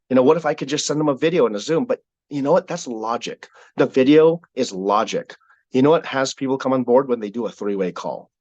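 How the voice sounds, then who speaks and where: A man leading a sales team call, giving an energetic motivational talk with a repetitive, preacher-like cadence. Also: medium pitch, no room sound, lo-fi sound.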